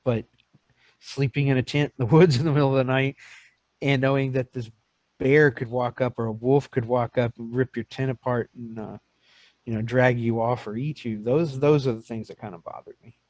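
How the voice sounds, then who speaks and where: Speaking at a moderate pace in a mid-range voice, this fifty-something podcast host tells stories casually and acts out quotes with animation. The recording is dry.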